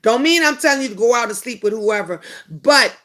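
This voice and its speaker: Bright, high-voiced middle-aged woman host. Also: brisk. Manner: animated storytelling, acting out family quotes. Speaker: host of a live chat show. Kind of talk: casual live chat answering viewer comments.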